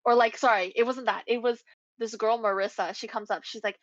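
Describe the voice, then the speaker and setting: A woman's voice: fairly high pitch, fairly even intonation, fairly quick, dry recording. Young woman telling a profane story. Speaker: podcast co-host. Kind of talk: casual chat. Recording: dull lo-fi recording.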